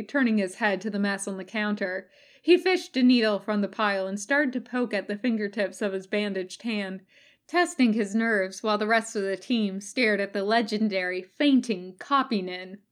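A woman reading fan fiction aloud as a recorded podfic, in calm, even narration. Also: medium pitch. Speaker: podfic reader.

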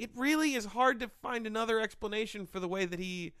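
A man co-hosting a comedy sports podcast, talking in an animated and emphatic way. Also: sits high, quick pace, clean tone, no room sound, studio quality. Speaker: podcast co-host. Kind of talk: comedic banter.

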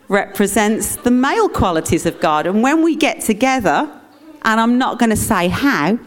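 Slow, humorous woman preacher. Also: mid-range voice, sing-song, faint music behind. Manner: humorous and teaching, with asides. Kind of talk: conversational sermon.

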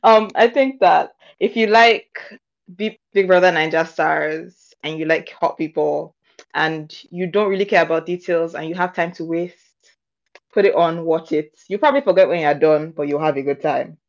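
Giggly low-voiced woman on dull audio. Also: moderate pace, gravelly. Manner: giggly, light. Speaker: panel guest. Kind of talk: casual panel chat.

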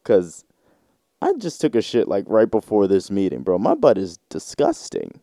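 Male podcast host, animated comedic monologue, jumps into voices, mellow tone, dry close recording. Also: lowish voice, vocal fry, dry recording. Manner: acts out voices in quick skits, swears freely.

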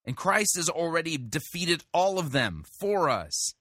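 A man hosting a show who critiques a sermon in an emphatic, deliberate way. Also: on the high side, very animated, a bit bright, no room sound, studio quality. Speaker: host reviewing a sermon. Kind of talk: podcast commentary.

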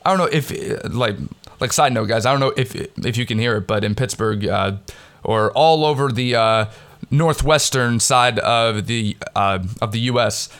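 A man excitedly recapping a wrestling event in a rambling, casual way, swearing freely, recorded on a headset mic at home. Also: mid-range voice, moderate pace, clean tone. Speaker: wrestling fan recapping a pay-per-view. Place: home recording in the Pittsburgh area. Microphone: headset mic with headphones.

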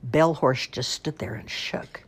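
A woman's voice: rumbling low, unhurried, breathy edge, in a whisper, heavily acted. A woman voicing a spry elderly great-aunt telling a tall tale in a folksy, emphatic way. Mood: dramatic.

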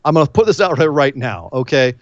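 A man co-hosting a casual wrestling recap chat, telling the story with lively quoted voices. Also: mid-range voice, quick pace, no echo, dull audio. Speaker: podcast co-host.

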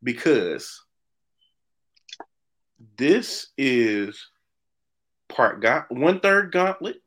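A man co-hosting a podcast in casual chat, animated and opinionated, often restarting his sentences. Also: medium pitch, very slow. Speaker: podcast co-host.

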